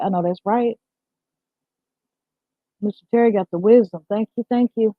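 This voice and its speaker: In her thirties, this woman hosts a casual morning livestream, upbeat and chatty as she reads viewer comments aloud and speaks straight to her audience. Her voice is medium-pitched at a moderate pace with long pauses. There's no echo, though the sound is tinny and phone-like.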